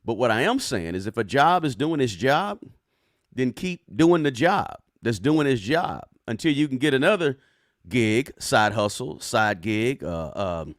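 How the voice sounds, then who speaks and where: A man's voice: medium pitch, dry recording, clean studio sound. A man hosting a live personal finance stream, talking casually, reading viewer comments aloud and often tagging on "right?". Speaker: personal finance livestream host.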